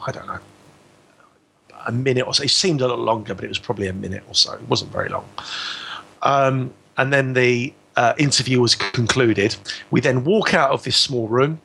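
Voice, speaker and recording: A man's voice: medium pitch, sharp tone, slightly rough. A man telling a personal story as a guest on a radio talk show, acting out both sides of the exchange.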